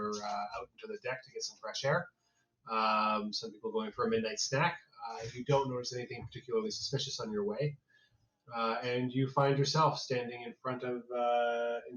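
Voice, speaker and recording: A male game master describes scenes in a tabletop game, pausing on many "uh"s as he narrates. He speaks at a middle pitch, and the sound is roomy and echoey, dull like a low-fi mic. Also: recorded from a distance. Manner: halting narration full of fillers.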